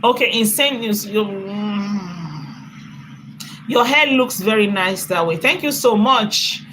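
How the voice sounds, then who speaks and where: A woman's voice: mid-range voice, slow pace, background noise. A woman hosting a casual livestream, reading viewer comments aloud and thanking viewers by name with emphatic repetition. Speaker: livestream host.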